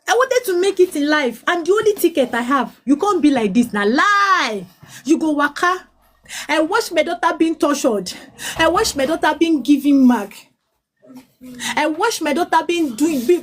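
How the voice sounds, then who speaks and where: A Nigerian woman in her late thirties with a high, bright-pitched voice tells her hard life story, slipping between English and Pidgin. She pleads and restarts often, her words tumbling out with feeling. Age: 30s. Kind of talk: emotional personal testimony.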